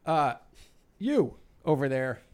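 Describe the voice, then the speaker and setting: Man, podcast host, lively swooping voice, teasing, swears a lot. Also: a little high, slow, slight background noise. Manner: animated, teasing, swears freely. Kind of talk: casual podcast chat.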